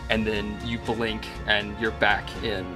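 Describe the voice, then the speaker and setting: A man with a low, flat voice runs a tabletop game as game master. He describes each scene with loose filler words over clear background music. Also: takes it slowly. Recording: music playing underneath.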